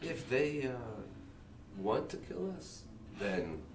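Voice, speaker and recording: A man playing a tabletop game, hesitant and halting. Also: mid-range voice, sing-song, distant mic, background noise. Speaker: player. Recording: echoey room, off-mic.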